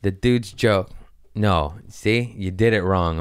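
A man's voice: on the low side, slow, clean tone, no echo, clean studio sound. A man chatting on a podcast, telling loose, rambling stories with frequent laughs, swearing and restarts. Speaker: podcast guest comedian. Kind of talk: casual storytelling chat.

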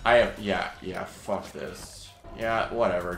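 A young man doing gameplay commentary, swearing and yelling sarcastically at his teammates. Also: medium pitch, very animated, extremely slow, gravelly, long pauses, echoey room, loud music behind the voice. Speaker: gaming YouTuber.

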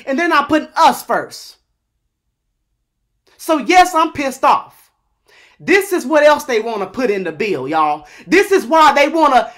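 American guy ranting on his vlog, real high voice, drags it out slow, keeps asking y'all the same question over and over. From United States. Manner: exasperated, repetitive rhetorical questions, addresses viewers as y'all; emphatic, at times shouting. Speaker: online commentator. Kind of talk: impassioned political rant to camera.

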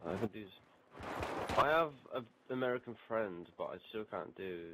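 Man, low voice, blunt short replies, gaming chat, headset, gunfire behind. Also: animated, normal speed, background noise. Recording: clear gunfire from the game behind.

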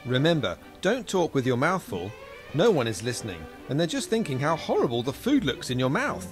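A man narrates a children's lesson on manners in a gentle, clear, instructive tone. His pitch moves in a lively way. Music plays under his voice. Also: fairly quick. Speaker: presenter teaching children's manners. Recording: music playing behind.

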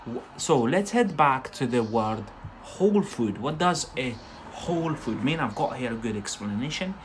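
A man's voice: mid-range voice, animated, moderate pace, background noise. Chatty Scottish man teaching English. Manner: chatty, tag questions, frequent yeah. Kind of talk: live-stream English lesson.

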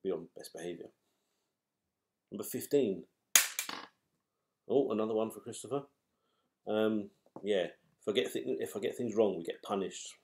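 A man hosting a live raffle draw, calling out numbers and names in a chatty, wry, unhurried way. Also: fairly low pitch, dark tone, a little hiss or hum. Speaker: raffle host drawing numbered balls.

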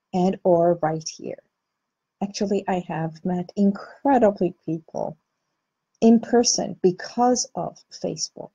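Slow, soothing woman hypnotherapist. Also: fairly low pitch, dark tone, breathy edge, lo-fi sound. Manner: slow, soothing and heartfelt, greeting viewers by name. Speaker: clinical hypnotherapist hosting a live talk. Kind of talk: inspirational live-stream talk.

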